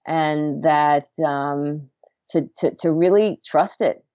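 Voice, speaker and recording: A woman's voice: low-pitched, slow, dark tone, dry recording. A middle-aged woman, a home birth midwife, talking earnestly as a podcast guest, often restarting her words and laughing. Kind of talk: podcast interview talk. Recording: dull lo-fi sound, dry.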